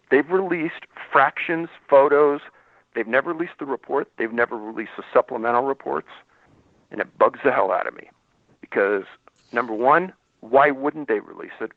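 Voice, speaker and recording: Over a dry, tinny phone connection with no room sound, a man who used to work as a law enforcement investigator recounts a story for a radio interview. He voices the dialogue himself in a gravelly, medium-pitched voice.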